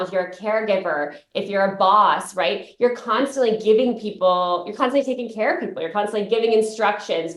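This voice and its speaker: A woman founder talks fluently and brightly about her product as a guest on a radio show. Her voice comes through a roomy, echoey line. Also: mid-range voice. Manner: fluent, upbeat explaining. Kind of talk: radio interview.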